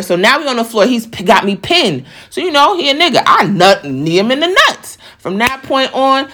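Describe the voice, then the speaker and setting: A woman's voice: on the high side, normal speed, hardly any pauses, slight background noise. A young woman telling a story in a casual, profane way, acting out the voices of the people in it. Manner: animated, profane, acts out quoted voices.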